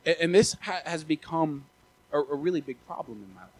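A young man in his twenties preaches a relaxed sermon, his voice slightly high and husky. He talks in a casual, animated way, often stumbling and restarting his phrases as a pastor addressing his congregation. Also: brisk, rough recording. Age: 20s.

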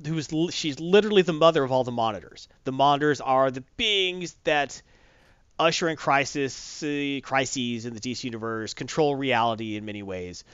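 A man's voice: medium pitch, normal speed, fairly bright tone, smooth, no echo, lo-fi sound. A man chatting casually as a podcast host, rambling and correcting himself as he goes. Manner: rambling, self-correcting, enthusiastic. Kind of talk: casual chat.

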